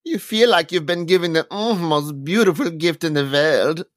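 A man's voice: a little high, normal speed, dry recording, clean studio sound, natural voice. A man putting on a heavy fake German accent, solemn and hammy. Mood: mock solemn. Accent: put-on German. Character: older German male tiger showman, earnest. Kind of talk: mock dramatic translation.

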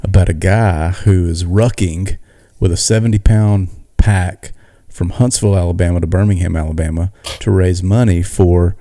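A man co-hosting a podcast, telling a story in a casual, animated way with many restarts. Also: low-pitched, moderate pace, no room sound, studio quality. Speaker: podcast co-host. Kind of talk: casual chat.

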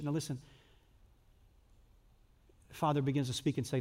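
Man, pastor, conversational sermon, acts out prayers, fairly high voice, echo of a big church hall. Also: normal speed, long pauses. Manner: conversational, acts out prayers and dialogues, drops to soft intimate tones.

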